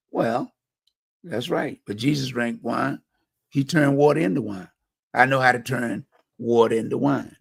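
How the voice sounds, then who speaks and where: With vocal fry in his slightly bright, mid-range voice, a middle-aged Hampton Roads, Virginia man hosting a community talk show gives a blunt personal monologue on community violence. It's repetitive, slangy, and conversational. The recording is dry and studio quality.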